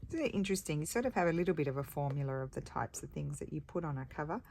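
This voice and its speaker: A woman's voice: low voice, very fast, creaky, a little mellow, slight background noise. A middle-aged woman chatting casually and rambling about her day while she works on a craft project. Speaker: craft video host.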